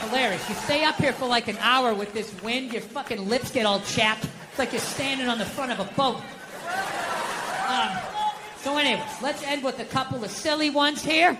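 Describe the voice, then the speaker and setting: A middle-aged man tears through a stand-up set in a sarcastic, profane, blunt way, his voice pitched high. He turns animated as he acts out quotes. The live recording carries a steady layer of noise around him. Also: normal speed, in a large hall. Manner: animated, slips into acted quotes. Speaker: stand-up comedian. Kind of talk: stand-up comedy routine. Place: comedy stage before an audience. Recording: noisy live comedy stage with crowd.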